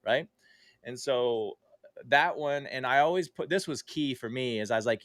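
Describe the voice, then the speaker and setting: A podcast guest tells a story casually, acting out quoted dialogue in livelier tones, with frequent fillers and self-corrections. His voice is medium-pitched and a bit bright, at a moderate pace, with no echo.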